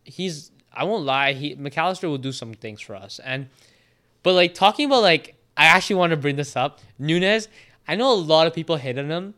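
A Canadian teenage soccer player telling animated stories in a casual podcast chat. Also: male voice, on the high side, a little fast. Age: teens. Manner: animated storyteller, quotes trash talk.

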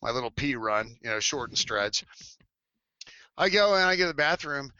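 Animated storyteller man, bright voice. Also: medium pitch, unhurried, clean tone, no echo, highs cut off. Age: 40s. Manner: animated, laughing, acts out quotes in shifting voices. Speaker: former cheerleader telling a story. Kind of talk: casual storytelling chat. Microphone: headset mic.

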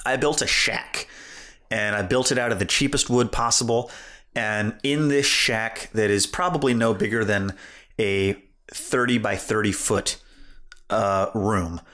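A man's voice: lowish voice, a little slow. A man co-hosting a podcast, telling a funny story in casual chat and laughing along as he goes. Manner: animated, laughs through his own story. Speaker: podcast co-host.

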